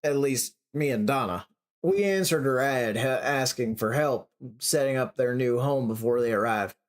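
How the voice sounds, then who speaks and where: A reader voicing a quiet, reluctant man who mumbles his words. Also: moderate pace, close to an everyday voice. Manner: mumbling, low-key.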